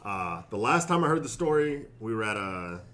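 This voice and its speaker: Lively bright-voiced man in chat. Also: fairly low pitch, normal speed. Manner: chimes in with short agreements, laughs loudly. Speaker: podcast co-host. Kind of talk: casual chat.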